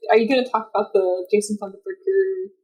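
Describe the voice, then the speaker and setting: A woman's voice: on the high side, big pitch swings, quick pace, mellow, husky, rough recording. A woman co-hosting a casual podcast, giggling often and talking with lots of "like" fillers. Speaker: podcast co-host. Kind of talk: casual chat about a cartoon.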